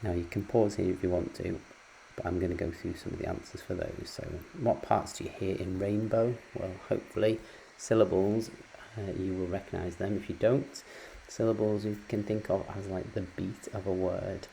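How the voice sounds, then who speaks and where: A man's voice: sits low, level tone, normal speed, gravelly, dark tone, slight background noise, poor audio. A man teaching phonics in a patient, explanatory way, with frequent ums and uhs. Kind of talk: recorded lecture on phonics.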